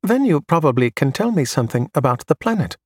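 A man voicing a patient male robot tutor who speaks in a flat, monotonous way. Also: on the high side, quick pace, slightly rough, no room sound, clean studio sound, voice pushed up. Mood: even.

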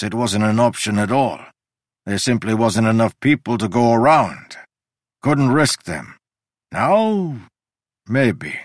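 A man voicing an ancient male god who lectures in a sweeping, emphatic way, with sudden jumps in pitch. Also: no echo, studio quality, lightly acted. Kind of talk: audiobook character reading.

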